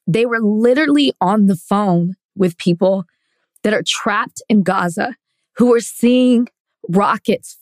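A woman's voice: mid-range voice, dry recording. A woman co-hosting a podcast, talking in an earnest, impassioned way and close to tears at times. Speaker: podcast co-host. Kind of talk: casual podcast discussion.

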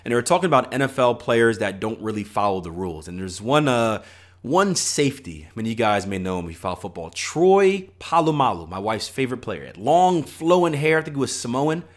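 Man, podcast host, motivational, animated delivery, mid-range voice. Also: mid-range voice, fairly quick. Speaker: podcast host and trading coach. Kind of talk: solo podcast monologue.

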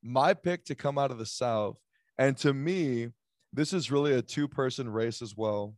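A man's voice: medium pitch, normal speed, a little mellow, no echo, clean studio sound. A man hosting a casual sports chat, joking and rambling with lots of fillers as he runs through picks. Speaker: sports podcast host.

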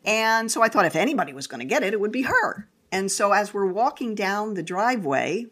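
Animated older woman telling a story. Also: mid-range voice, a little fast. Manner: animated storyteller, acts out quotes. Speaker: guest. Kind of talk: casual storytelling interview.

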